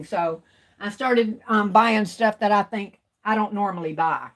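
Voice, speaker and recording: Chatty woman on a craft livestream. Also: medium pitch. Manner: chatty, drawn-out, talks to viewers. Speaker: craft vlogger. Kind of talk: casual livestream chat.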